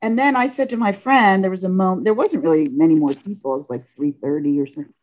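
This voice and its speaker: A woman tells a personal story in a casual, halting way, animatedly acting out what people said with big pitch leaps. She restarts often and corrects herself frequently.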